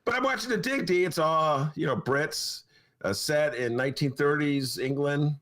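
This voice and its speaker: A man's voice: on the high side, very animated, normal speed, a bit bright. A man in his sixties hosting a podcast, chatting casually in a rambling, opinionated way. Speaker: podcast host. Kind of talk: casual chat.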